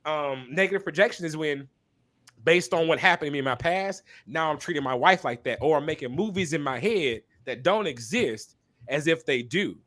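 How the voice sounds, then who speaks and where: A man speaking as a podcast guest and minister, talking candidly and passionately, repeating phrases for emphasis like a preacher and pausing to apologize for talking so long. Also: fairly high pitch, animated, a bit bright. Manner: apologetic asides to listeners. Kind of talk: candid conversational testimony.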